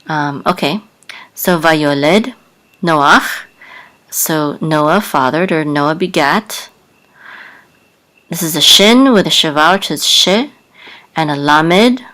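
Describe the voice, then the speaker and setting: Woman, language teacher, deep for her sex, slow and soft-spoken, patient. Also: low-quality recording. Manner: soft-spoken, careful, spells out sounds with many fillers. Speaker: Hebrew teacher.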